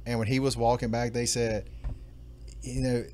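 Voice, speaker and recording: A man co-hosting a casual podcast chat, recalling events in a halting way with many restarts. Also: mid-range voice, level tone, darkish tone, slight background noise. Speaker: podcast co-host.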